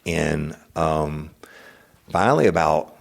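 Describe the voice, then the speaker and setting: A middle-aged man hosting a podcast, telling a personal story in a blunt, profane, animated way. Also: very deep voice, takes it slowly, creaky. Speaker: podcast host. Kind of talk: casual storytelling monologue.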